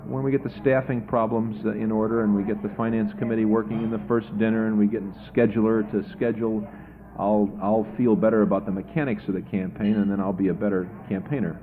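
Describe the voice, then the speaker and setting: A man's voice: lowish voice, steady tone, fast, phone-quality sound. A man running for office answers a radio interviewer in a chatty, anecdotal way, sounding tired and often repeating his first words. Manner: chatty storyteller, repeats words when starting sentences. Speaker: political candidate.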